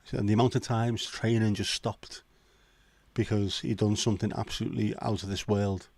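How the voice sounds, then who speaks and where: Chatting with viewers on his laid-back livestream, a host from Liverpool, England, jokes and swears through chatty asides. He speaks at normal speed in a lowish, gravelly, darkish voice with a level tone and no room sound.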